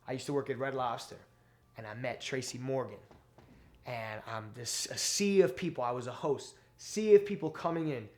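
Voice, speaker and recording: Profane New comedian telling stories. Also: male voice, mid-range voice, moderate pace. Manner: animated, profane, acts out quotes. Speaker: stand-up comedian. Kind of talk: casual interview storytelling.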